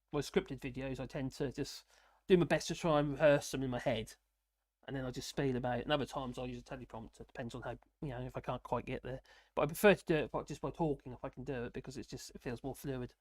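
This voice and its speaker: A man's voice: medium pitch, steady tone, fast talker, dry recording, clean studio sound. A man chatting casually on a live stream, rambling with lots of fillers and restarts, tired and slurring a little. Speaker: political commentary streamer.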